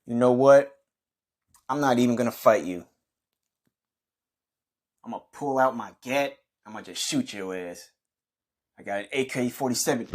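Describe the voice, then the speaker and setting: A man narrating a comic story in a profane, deadpan way. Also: mid-range voice, normal speed, long pauses. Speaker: comedian narrating a skit.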